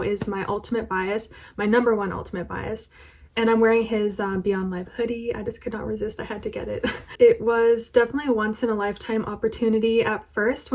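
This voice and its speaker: A woman's voice: mid-range voice, a little mellow, low-quality recording. A woman vlogging to a camera propped on her bed in her bedroom, talking casually, her voice a little shaky with nerves. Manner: nervous, voice shaking slightly.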